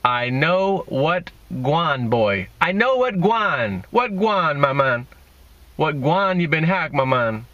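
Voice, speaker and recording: A swaggering hustler with a lilting Jamaican-style voice drawls out slow, teasing lines in a lifted pitch, as a man puts him on for a video. The sound is dry and dull, like a lo-fi recording. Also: very animated, fairly bright tone, no room sound, full character voice.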